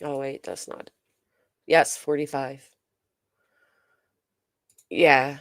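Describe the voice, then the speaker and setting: Her deep, steady voice moves slowly with long pauses, and the tone is clean in an echo-free studio recording. Hosting a casual commentary livestream, she reads out viewer comments and replies in a chatty but hesitant way, full of ums and uhs.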